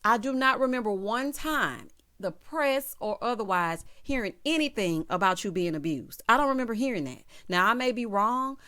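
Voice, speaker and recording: Sassy woman vlogger, fairly high voice. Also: expressive, normal speed, hardly any pauses, sharp tone, clear, resonant tone. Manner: sassy and blunt, addresses viewers directly. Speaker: vlogger reviewing a TV show. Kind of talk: casual recap commentary.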